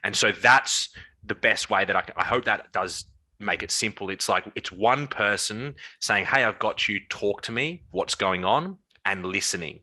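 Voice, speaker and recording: A young man, a coach co-hosting a podcast, telling personal stories in an earnest, animated way with many restarts. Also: lowish voice, unhurried, rough recording. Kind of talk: casual chat.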